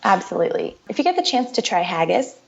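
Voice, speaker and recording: A woman's voice: medium pitch, big pitch swings, fast, gravelly. Chatty woman guest on a lo-fi recording. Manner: explanatory, chatty, frequent repeats. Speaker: podcast guest. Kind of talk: casual interview chat. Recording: dull lo-fi sound.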